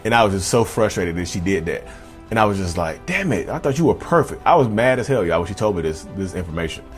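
A man's voice: deep voice, fast talker, faint music behind. A man in his thirties telling his own life story to camera in a candid, confessional way, often calling his viewers y'all. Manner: candid, addresses viewers as y'all, frequent restarts.

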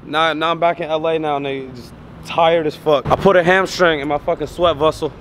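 A man's voice: a little high, steady tone, brisk, noisy background. A young man vlogging outdoors on city streets, joking and teasing his dog in comedic banter. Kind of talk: comedic walking vlog.

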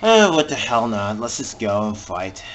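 A man giving jokey let's-play commentary over a video game and reacting with sudden loud exclamations. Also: fairly low pitch, very animated, moderate pace, over loud music. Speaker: gamer playing through a video game.

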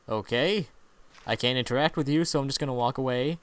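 A man's voice: medium pitch, brisk, clear, resonant tone. A man giving playful let's play commentary, reading game text aloud and pretending to be scared. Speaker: gamer.

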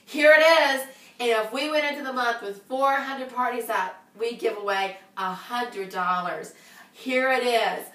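A woman in a bubbly, exclamatory team announcement, slightly hoarse from cheering. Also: a little high, a little slow, a bit bright, distant mic. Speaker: sales team leader. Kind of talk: upbeat team announcement video. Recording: echoey room, voice from off-mic.

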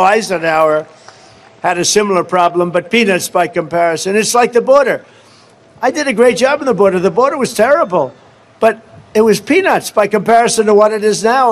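A man from the United States giving a rambling, boastful rally speech full of repetitions and asides. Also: high-pitched. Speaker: political candidate at a rally.

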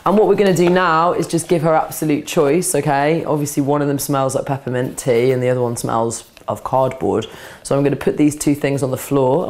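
A woman dog trainer, calmly explaining a scent game step by step while softly praising and cueing a dog. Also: extremely low pitch. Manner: calm, practical explaining, breaking into soft praise and commands to a dog. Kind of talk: instructional demonstration. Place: indoors, training session with a dog.

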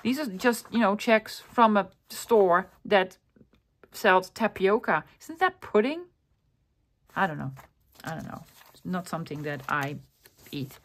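A woman's voice: medium pitch, expressive, unhurried, pauses often. A woman vlogger casually showing off a haul of thrift finds, talking in an enthusiastic, rambling way with lots of fillers and self-corrections. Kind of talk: casual chatty show-and-tell.

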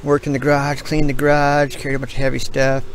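A tired middle-aged American man with a gravelly voice, yawning as he rambles through casual commentary on his gameplay stream. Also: mid-range voice, monotone, fast talker, a little hiss or hum, rough recording.

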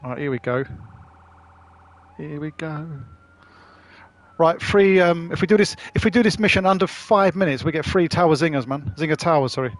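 With a slightly high voice at a moderate pace, this man streams a driving game and trades jokey, profanity-laced banter with his friends. It's casual live-stream commentary, chatty throughout.

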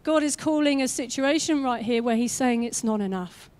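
A young adult woman preaching a sermon in an energetic, conversational way, with quick asides, and she acts out the voices she quotes. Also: fairly high pitch. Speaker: guest preacher.

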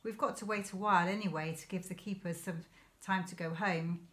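A woman voicing a cheerful father in a storybook reading, speaking in a gentle, wry manner. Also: lowish voice, steady tone, brisk, natural voice. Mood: easy. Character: cheerful father, calm and playful man.

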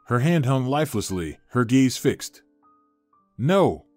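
A man giving scripted story narration in a measured, even storytelling manner. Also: medium pitch, dry recording, soft background music.

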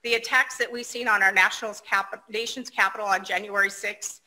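A woman's voice: medium pitch, fairly even intonation, a little fast, sharp tone, low-quality recording. A woman, the outgoing association president, giving a personable, lightly self-deprecating speech over a video call.

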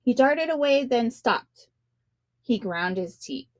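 Expressive woman reading a children's story. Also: fairly high pitch, slow pace, no room sound. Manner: expressive, dramatic narration. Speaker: children's book reader. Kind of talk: read-aloud storytelling for children.

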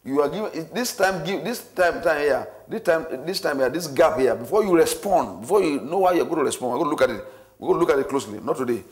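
A man with a fairly high voice leads a church marriage class, lecturing fast and animatedly. He repeats his points and acts out everyday scenarios for his listeners.

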